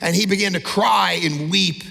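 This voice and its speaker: A middle-aged male pastor preaching with a high, gravelly, forceful voice, punching his points hard. His sermon carries a long reverb, as if it fills a large church hall. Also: moderate pace. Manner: emphatic, swings from loud exhortation to low intense asides.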